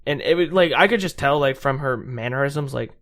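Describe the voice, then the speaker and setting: A young man co-hosting a casual podcast chat, talking haltingly with many restarts and fillers. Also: medium pitch, fairly bright tone. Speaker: podcast co-host.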